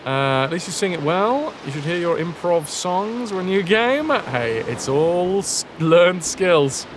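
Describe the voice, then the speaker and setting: A man's voice: high-pitched, big pitch swings, takes it slowly, noisy background. A man chatting and joking as he streams a game, talking to his chat and to the game. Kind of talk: live gameplay commentary.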